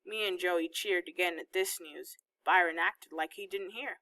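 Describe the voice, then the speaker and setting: A woman reading a novel aloud, in steady storytelling narration. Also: on the low side, normal speed, hardly any pauses, poor audio. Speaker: audiobook reader.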